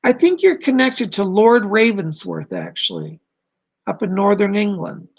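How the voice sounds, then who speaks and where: A man doing live psychic readings on a stream, talking in a gentle, reassuring, chatty way to his viewers, and his voice is going hoarse. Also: sits high, very animated, measured pace. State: losing his voice.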